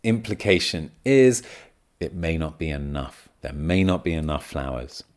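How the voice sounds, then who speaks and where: A man's voice: a bass voice, normal speed, darkish tone. A man hosting a podcast, patiently explaining English grammar and repeating his examples as he thinks aloud. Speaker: podcast host and English teacher.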